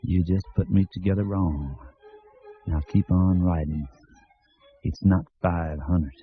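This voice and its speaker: A man voicing a young, mocking country man from the Deep South, with a slow Southern drawl. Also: fairly even intonation, narrow, tinny audio, slight background noise. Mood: taunting. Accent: American Southern.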